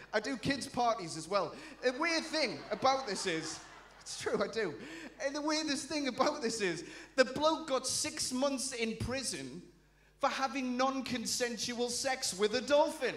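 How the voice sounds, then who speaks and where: A man's voice: very high-pitched, expressive, a bit bright, slight background noise. A man with a Geordie accent doing a brash, bawdy stand-up routine on a showcase stage. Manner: brash, bawdy, quick punchlines. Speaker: stand-up comedian. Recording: echoey venue.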